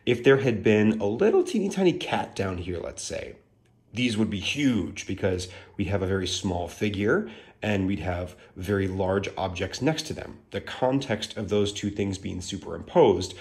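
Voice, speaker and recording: Lower-voiced man, casual deck reviewer, gushing and chatty. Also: animated, moderate pace, a little mellow. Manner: gushing, chatty, full of filler likes.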